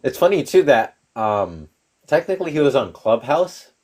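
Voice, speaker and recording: A man's voice: medium pitch, big pitch swings, normal speed, a little mellow. A young man chatting casually on a stream, laid-back, laughing often and trailing off into mumbles. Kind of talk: casual chat.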